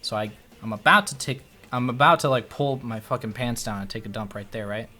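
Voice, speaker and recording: A livestreaming man with a medium-pitched, brisk voice that sounds pushed and bright tells a casual story. He rambles, swears, and keeps interrupting himself to restart sentences.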